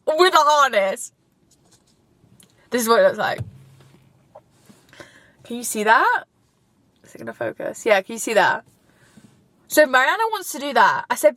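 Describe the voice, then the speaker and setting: A woman's voice: a little high, very animated, moderate pace, pauses often, sharp tone, no echo. A young woman, vlogging casually from her car, chatty and gushing, now and then tearful. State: tearful at times. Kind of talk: casual chat while driving. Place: inside a car.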